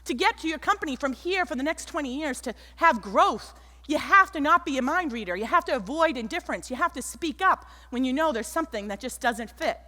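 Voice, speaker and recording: High, bright woman speaking on stage. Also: fairly quick. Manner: animated, acts out the people in her stories. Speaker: keynote speaker. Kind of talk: motivational stage talk with storytelling. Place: large auditorium stage. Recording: echoey auditorium.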